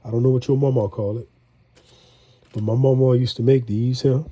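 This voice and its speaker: Middle-aged New home cook, stuffy nose, husky, easygoing rambler. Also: male voice, medium pitch, steady tone, normal speed, mellow. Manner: folksy, rambling, chatty with viewers. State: congested. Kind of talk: casual cooking vlog.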